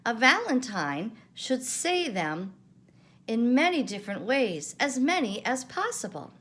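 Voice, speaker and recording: A woman's voice: fairly high pitch, big pitch swings, a little slow, a bit bright, pitched above the performer's own voice. A fussy, know-it-all rabbit, as an older woman puts him on speaks primly and knowingly. His tone is slightly raised. It is a storybook voice. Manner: prim and knowing.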